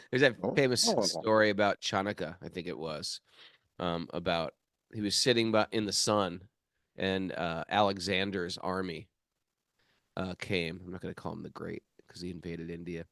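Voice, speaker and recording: A low-voiced man co-hosting a spiritual talk show, telling stories with lively animation and frequent restarts. His voice sits close and dry on the mic. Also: moderate pace, vocal fry, no echo. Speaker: podcast co-host. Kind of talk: casual spiritual discussion.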